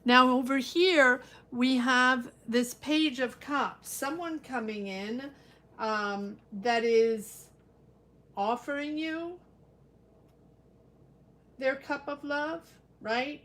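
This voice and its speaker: A woman's voice: high-pitched, drawn-out words, a bit bright. A middle-aged woman giving a live-stream tarot reading, musing aloud and talking to viewers by name. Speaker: tarot reader.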